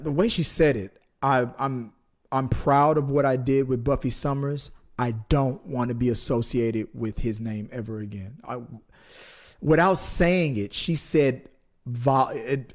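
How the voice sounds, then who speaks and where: A man's voice: mid-range voice, darkish tone. A man co-hosting a movie podcast, chatting casually with many restarts and jokes. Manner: rambling, many restarts, jokey. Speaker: podcast co-host. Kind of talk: casual chat.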